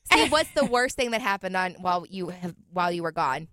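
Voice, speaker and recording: Low-voiced woman, chatty podcast co-host. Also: expressive, a bit bright, dry recording, studio quality. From Minnesota. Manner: chatty, teasing, quick reactions. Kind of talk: casual chat.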